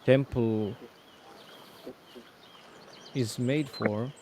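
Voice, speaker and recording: A man narrating as game master of a tabletop game, deliberate and unhurried. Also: mid-range voice, fairly even intonation, background noise.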